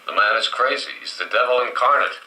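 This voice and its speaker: An actor in a 1980s TV crime drama playing a grim male police officer who speaks gravely. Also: mid-range voice, fast talker, sharp tone. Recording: echoey, distant TV show audio.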